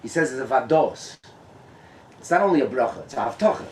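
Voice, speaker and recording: Animated rabbi in an echoey tent. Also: male voice, mid-range voice, brisk, slight background noise. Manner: animated, switching between English and Hebrew and Yiddish terms, laughing often. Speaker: rabbi, guest speaker. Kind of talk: Torah talk at a gathering. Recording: echoey and distant room sound.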